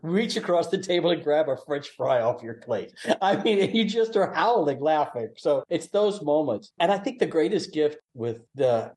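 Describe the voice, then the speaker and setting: An older man from the American South, a guest in a podcast interview, telling animated showbiz stories and laughing often. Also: fairly high pitch, moderate pace, few pauses. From Southern US (Mississippi, born in Louisiana). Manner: laughs often, excitable, lively anecdotes. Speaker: guest, actor.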